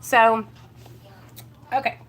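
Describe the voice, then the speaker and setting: An Ohio woman talks extremely slowly on her live recovery vlog, her slightly bright voice carrying a faint hiss or hum. The chat is casual, and she speaks straight to viewers, naming them and offering heartfelt encouragement.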